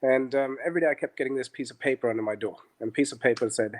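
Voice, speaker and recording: A man's voice: mid-range voice, fast. A middle-aged man, an interview guest and business founder, telling stories in a conversational way and acting out the dialogue. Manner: animated, acts out dialogue in quotes. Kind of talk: conversational storytelling.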